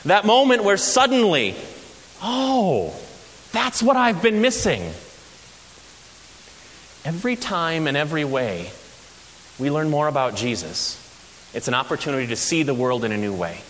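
A man's voice: on the high side, fairly quick. A man preaching a sermon as pastor, telling stories with humor and energy. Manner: animated storytelling with humor. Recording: echoey hall with faint hiss.

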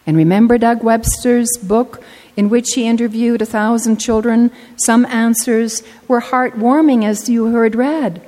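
An older woman pastor preaching a sermon, telling stories earnestly and slowing down to stress her points. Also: mid-range voice, mellow. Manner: earnest storytelling, slowing for emphasis. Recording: long reverb of a large hall.

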